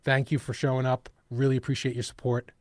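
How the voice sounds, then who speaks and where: A man's voice: mid-range voice, quick pace, dry recording. Chatty New York man on a live stream. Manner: rambling, restarts, animated asides. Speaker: host of a live true-crime stream. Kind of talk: casual live-stream talk.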